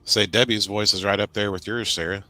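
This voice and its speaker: Co-host, American man, low voice, unhurried, dry and close. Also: fairly even intonation, sharp tone, no room sound, faint music behind. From United States. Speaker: livestream co-host. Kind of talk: casual chat.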